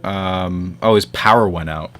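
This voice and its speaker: A man's voice: low-pitched, unhurried, a bit bright, soft background music. A man from the New York area hosting a casual podcast chat, rambling and swearing freely with lots of fillers. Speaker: podcast host. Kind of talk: casual chat over a call.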